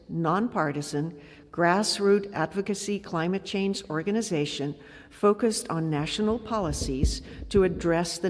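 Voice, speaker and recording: A woman lay leader reading a formal offertory announcement in earnest. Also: fairly low pitch. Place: church sanctuary. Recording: long reverb of a church hall.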